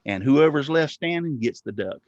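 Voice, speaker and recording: A man's voice: medium pitch, expressive, moderate pace, darkish tone, no room sound, dull audio, natural voice. Man doing a dry, stubborn old farmer for a told joke, no frills. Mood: scheming.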